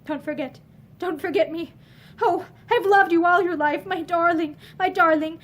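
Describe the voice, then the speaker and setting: A woman reading the part of an anguished man torn by forbidden love, speaking in a hoarse, pleading way in her own high voice. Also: fairly even intonation, normal speed.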